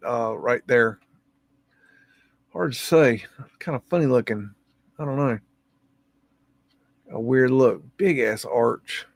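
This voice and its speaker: Gravelly, folksy man musing aloud. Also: medium pitch, darkish tone, no echo. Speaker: live stream host. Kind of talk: casual commentary on old photos.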